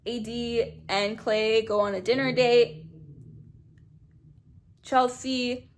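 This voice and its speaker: A woman's voice: fairly high pitch, steady tone, slow pace. A woman giving casual, blunt and sarcastic commentary as a YouTuber reviewing a reality show.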